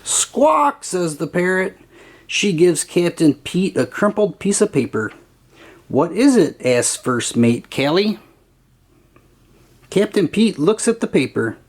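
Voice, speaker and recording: Children's read-aloud narrator, unhurried, sing-song, wide lively pitch. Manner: slow, expressive, sing-song. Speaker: storybook reader.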